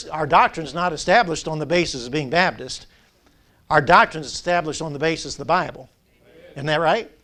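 High-voiced preacher, call-and-response. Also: male voice, fairly bright tone. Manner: preaching, emphatic, drawing out key words. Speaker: pastor. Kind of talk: sermon.

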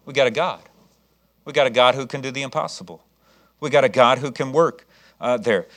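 A man preaching a sermon, reading scripture and acting out the people in the story with lively, shifting delivery. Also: medium pitch, fairly quick. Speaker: pastor.

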